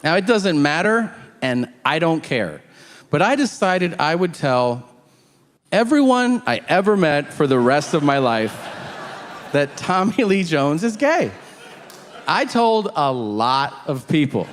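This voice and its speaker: A man's voice: a little high, very animated, slow pace. A middle-aged man performing stand-up, telling a story and acting out both sides of the dialogue. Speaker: stand-up comedian. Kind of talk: stand-up routine. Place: theater stage with live audience. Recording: live hall reverb, audience noise.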